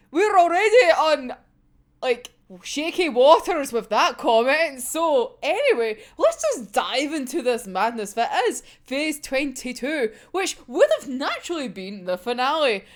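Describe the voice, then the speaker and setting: Young woman host, high and animated, excitable and foul-mouthed, casual reaction chat. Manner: excitable, swears a lot, laughs often. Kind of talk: casual manga reaction vlog.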